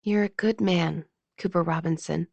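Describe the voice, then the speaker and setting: A woman's voice: fairly low pitch, steady tone, normal speed, creaky, a little mellow, no echo. A woman voicing a tearful grieving young woman. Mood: tender. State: tearful, sniffling.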